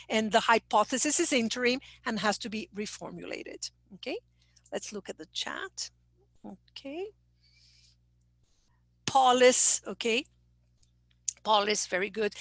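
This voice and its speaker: A woman's voice: fairly high pitch, a bit bright, no echo. An older woman, a teacher trainer giving an online webinar who explains patiently and keeps checking in with "okay?". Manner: explanatory, reads chat aloud, frequent "okay?" check-ins.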